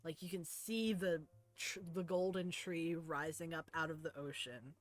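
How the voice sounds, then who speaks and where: A woman's voice: low voice, fairly even intonation, measured pace. A young woman running a tabletop game as game master, narrating in a laid-back, rambling way with many fillers. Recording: faint music behind.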